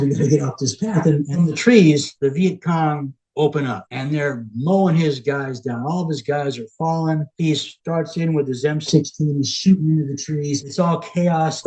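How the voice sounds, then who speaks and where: A man's voice: on the high side, brisk, hardly any pauses, dark tone, husky, rough recording. A man as a podcast guest, earnestly retelling a patient's vivid dream in a storytelling manner. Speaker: guest, end-of-life care worker.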